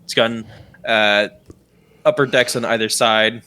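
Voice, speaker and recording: A man's voice: fairly low pitch, fairly even intonation, measured pace, sharp tone, smooth. A young man narrating a tabletop game as game master, rambling with many fillers.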